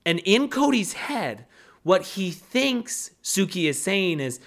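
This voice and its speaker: A woman co-hosting a casual recap podcast, animated and swearing freely as she acts out the people she talks about. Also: medium pitch, measured pace. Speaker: podcast co-host. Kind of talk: casual reality-TV recap chat.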